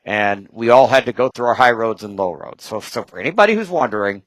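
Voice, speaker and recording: Man guest chatting casually, rambling and joking, dry close sound, mid pitch. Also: expressive, fairly bright tone, no room sound, low-quality recording. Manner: rambling, joking, quick asides. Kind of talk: casual chat.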